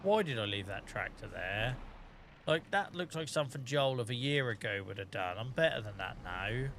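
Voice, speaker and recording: Male streamer, jokey and rambling, bright forceful tone, faint background noise. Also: mid-range voice, lively intonation, moderate pace. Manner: jokey, rambling, laughs often. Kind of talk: casual gameplay commentary.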